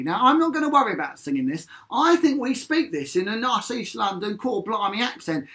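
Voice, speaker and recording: A musician leads an online sing-along in a chatty live-stream singing lesson, upbeat as he reads out viewer comments and counts in the beats. His voice sits high with a sharp tone, very animated and fairly quick with few pauses, over soft background music.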